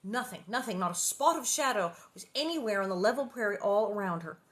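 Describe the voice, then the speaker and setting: A woman's voice: mid-range voice, expressive, brisk, fairly bright tone. A woman chatting casually and reading a children's novel aloud, rambling and playful with many asides.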